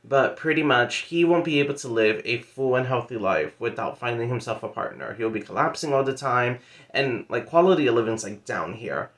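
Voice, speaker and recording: A man's voice: medium pitch, animated, moderate pace, fairly bright tone. A man in a casual book vlog, talking loosely with lots of fillers and playful asides as he retells a story. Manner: chatty, many fillers like "like" and "pretty much". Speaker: book vlogger. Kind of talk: casual monthly reading wrap-up.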